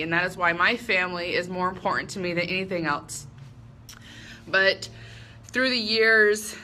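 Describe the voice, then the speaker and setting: A woman in her thirties speaks in an earnest, candid way, owning up to her own flaws and taking herself lightly. Her tone is bright and clear, and her pitch sits in the middle range for a woman. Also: slight background noise. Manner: earnest, candid, self-deprecating with light laughs. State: emotional at moments. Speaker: speaker giving a personal talk. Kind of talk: heartfelt personal speech.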